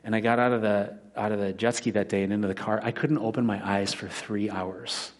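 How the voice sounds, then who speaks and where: A man's voice: on the low side, fairly even intonation, fairly quick. A man in his forties, a pastor giving a conversational sermon that mixes scripture with personal stories. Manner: conversational preaching with personal anecdotes.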